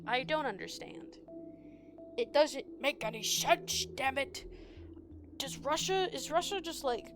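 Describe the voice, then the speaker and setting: A young woman streaming a game, chatting in a rambling, excitable way with her viewers. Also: high-pitched, measured pace, loud music behind the voice. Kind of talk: casual live-stream chat while gaming.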